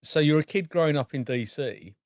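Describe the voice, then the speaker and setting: A man's voice: fairly high pitch, animated, fairly quick, no room sound. A man hosting an interview podcast, asking questions in a friendly, encouraging way. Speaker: podcast host. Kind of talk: interviewing a guest. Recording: dry, dull lo-fi audio.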